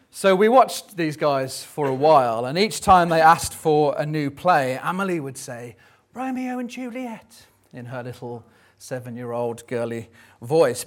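A man in his thirties preaching a Sunday sermon, conversational and jokey, with frequent ums. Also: fairly high pitch. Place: church service.

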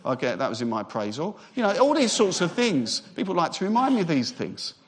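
Lively man preaching. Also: a little high, fairly quick. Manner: lively, joking, speeds up when excited. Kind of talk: sermon.

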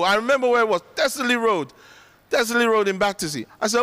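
A man's voice: high-pitched, fast, fairly bright tone. A middle-aged man preaching a sermon in an earnest, conversational way, with emphatic bursts. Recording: long reverb of a large hall.

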